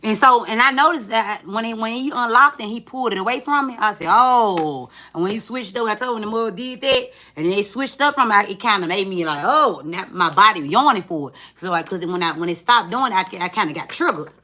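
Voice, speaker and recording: Bright-voiced woman chatting as a tarot reader. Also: mid-range voice, expressive, fast, hardly any pauses, slight background noise. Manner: chatty, profane, calls the viewer friend. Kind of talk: casual chat to viewers.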